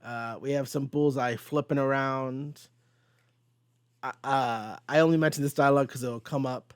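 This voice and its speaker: A young man hosting a casual comic book podcast, giggly and animated as he recaps pages and quotes the dialogue. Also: medium pitch, moderate pace, clean tone, no echo, clean studio sound. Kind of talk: casual chat.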